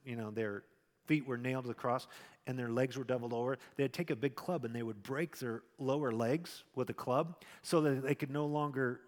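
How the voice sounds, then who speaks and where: A male pastor preaching a sermon in a conversational way, with loud emphatic stretches and quiet asides. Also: mid-range voice, normal speed, long reverb tail.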